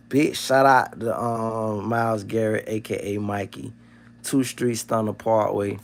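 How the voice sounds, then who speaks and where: A man's voice: fairly low pitch, fairly even intonation, measured pace, gravelly. A man hosting a livestream, talking in a loose, profane, joking rant. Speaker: livestream host.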